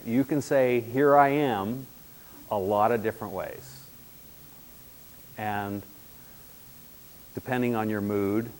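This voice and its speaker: A man preaching a sermon in an animated, emphatic way, shifting between loud bursts and hushed asides. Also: lowish voice.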